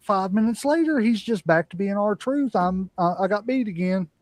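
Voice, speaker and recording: Opinionated podcast guy, high-ish voice, dry close sound. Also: lively intonation, moderate pace, darkish tone, no room sound. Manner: rambling, opinionated, many fillers. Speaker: podcast host. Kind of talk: casual wrestling commentary.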